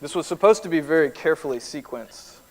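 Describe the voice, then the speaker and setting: A man's voice: fairly high pitch, animated, quick pace. Man in his thirties, keynote speaker, conversational storytelling, raised voice, reverberant auditorium. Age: 30s. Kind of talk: conference keynote speech. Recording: long reverb of a large hall.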